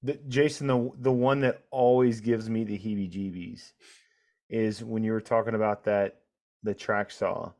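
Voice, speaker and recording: A man with a fairly low voice speaks in casual podcast chat. He sounds earnest and uneasy, restarting his sentences as he talks. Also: steady tone, measured pace, darkish tone.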